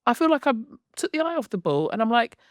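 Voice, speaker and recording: A woman co-hosting a podcast, chatting in a gushing, animated way. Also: on the high side, quick pace, no room sound, studio quality. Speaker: podcast co-host. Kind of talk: casual chat.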